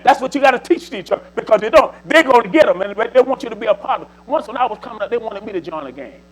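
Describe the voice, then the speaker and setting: A man's voice: very high-pitched, expressive, very fast, a little hiss or hum, low-quality recording. A man, preaching to a church congregation in a folksy, repetitive, exhorting way. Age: 70s. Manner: folksy, repetitive, exhorting with 'see' and 'you know'. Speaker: church speaker.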